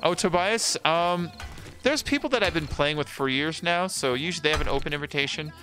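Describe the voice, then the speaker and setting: A man's voice: on the high side, brisk, pushed and bright, soft background music. A man chatting casually while playing a game, joking around and throwing out rhetorical questions.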